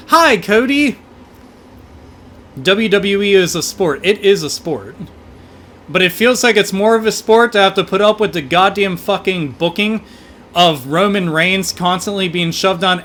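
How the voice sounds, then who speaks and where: High-voiced man ranting on a livestream. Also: slight background noise. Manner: profane, animated ranting. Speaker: livestream gaming host. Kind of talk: casual livestream chat.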